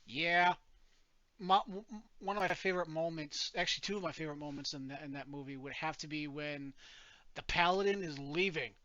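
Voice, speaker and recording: Man, podcast co-host, chatty and rambling; bright voice, dull lo-fi sound. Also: fairly high pitch, fairly quick, no room sound. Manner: rambling, laughs often, many restarts. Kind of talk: casual chat.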